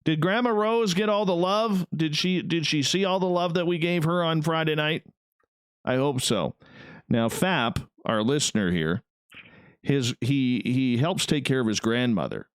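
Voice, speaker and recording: A man's voice: lively intonation, a little slow, clear, resonant tone, dry recording, clean studio sound. A man hosting a live radio show and stream, chatting casually and greeting listeners in an upbeat way. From Canada. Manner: upbeat, chatty, jumps between high and low pitch.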